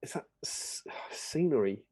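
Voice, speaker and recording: A man's voice: medium pitch, animated, measured pace, dark tone, slightly rough. A man co-hosting a hobby stream, chatting casually with playful, self-deprecating banter. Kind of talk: casual chat.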